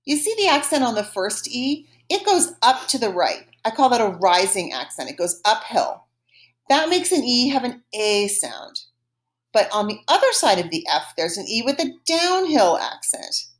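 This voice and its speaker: Lively, encouraging woman teaching French. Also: on the high side. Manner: slow, exaggerated modeling of phrases for repetition. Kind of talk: recorded language lesson.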